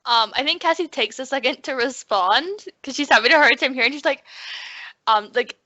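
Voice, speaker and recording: A woman's voice: high-pitched, moderate pace, bright, forceful tone, no echo. A young woman player describing her tabletop character in a rambling way full of "like", heard through a dry, dull lo-fi recording. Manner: rambling, with many likes.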